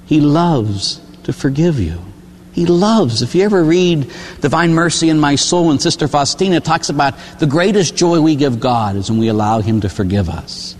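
A man's voice: fairly high pitch, lively intonation, normal speed, big-room sound, slight background noise. An older man from Pittsburgh, a priest preaching a sermon in a folksy storytelling way, asking "huh?" and acting out voices. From Pittsburgh, USA. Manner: folksy storytelling, tag questions, acts out voices.

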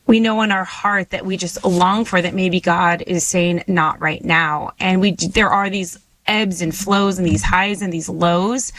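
A woman's voice: mid-range voice, a bit bright, rough recording. A woman hosting an interview podcast, earnestly asking probing questions and circling back to repeat them. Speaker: podcast host.

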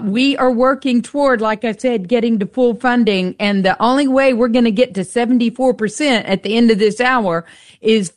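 A woman co-hosting a radio pledge drive, fervent and pressing, who fires off quick rhetorical questions and repeats the call-in number. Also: a little high. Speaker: radio co-host. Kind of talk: on-air pledge drive appeal. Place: radio studio.

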